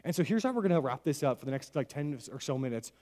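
A man's voice: mid-range voice, lively intonation, fast talker, dark tone. A man preaching a casual sermon to a congregation, chatty and full of "like," with self-deprecating jokes. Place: large church hall with congregation. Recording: long reverb of a big hall.

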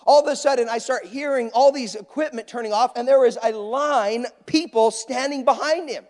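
A man's voice: extremely high pitch, normal speed. A male preacher telling stories in a conversational, anecdotal sermon. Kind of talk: sermon storytelling. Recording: long reverb of a large hall.

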